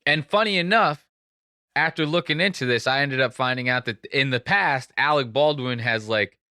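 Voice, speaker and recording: Speaking at normal speed in a medium pitch, this young man's tone is bright and forceful. He hosts a casual podcast, cracking jokes, rambling and cursing through the story, captured in a clean studio with no room sound.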